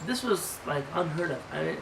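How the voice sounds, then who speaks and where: Teaching an informal class, a rabbi speaks conversationally and emphatically, often posing rhetorical questions. His fairly high, gravelly voice is expressive and a little fast, picked up by a distant mic that gives a roomy sound with faint noise.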